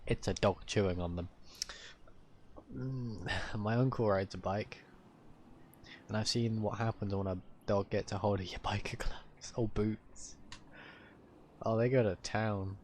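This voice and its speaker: A man's voice: lowish voice, fairly even intonation, a little slow, pauses often, a little mellow, a little hiss or hum. A man streaming an online role-play game, chatting casually in a rambling way and laughing often.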